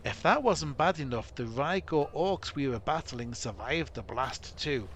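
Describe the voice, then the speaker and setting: Give me a weary male dwarf storyteller in a rough accent, as a man puts him on, dramatic and grim. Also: medium pitch, expressive, unhurried, fairly bright tone, slight background noise.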